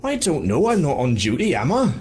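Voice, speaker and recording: A man voicing a surly male thug guard with a West Country accent, gruff and dismissive. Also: a little high, wildly swooping pitch, fairly quick, a little mellow, voice pushed up, heavily acted.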